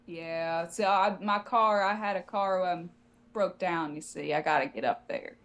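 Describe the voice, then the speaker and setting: A woman playing in a tabletop game, talking in a slow folksy drawl in character. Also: fairly low pitch, fairly bright tone. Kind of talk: tabletop role-play.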